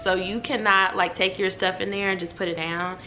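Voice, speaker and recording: A woman, telling a story to her viewers at home in a lively, chatty way. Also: mid-range voice, fairly quick, a little hiss or hum. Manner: animated, chatty, talks straight to viewers. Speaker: vlogger. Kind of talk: casual storytelling to camera. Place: at home indoors.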